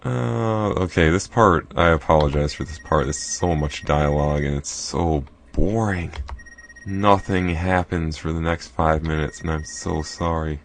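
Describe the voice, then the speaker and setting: A man's voice: extremely low pitch, a little hiss or hum. A man hosting a let's play, chatting casually and apologetic over the gameplay. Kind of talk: casual game commentary. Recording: faint game music behind.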